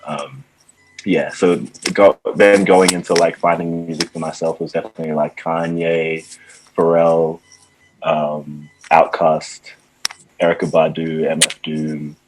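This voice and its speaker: A man's voice: rumbling low, level tone, a little slow, noisy background. A young man from Ghana, a musician guest chatting casually in an interview, laid-back and full of "like" and "um" fillers.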